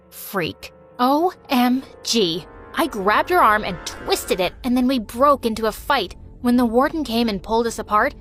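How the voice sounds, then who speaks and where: A woman tells an animated story in the first person, lively and emotional as she voices a teenage girl. Her voice sits fairly high, with faint music underneath.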